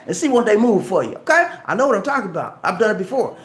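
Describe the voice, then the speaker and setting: A man's voice: extremely high pitch, very animated, rapid-fire, hardly any pauses. A man vlogging in a casual, preachy way who repeats "man" and "okay" and acts out little dialogues. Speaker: travel vlogger. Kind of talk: casual motivational talk to camera. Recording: echoey room.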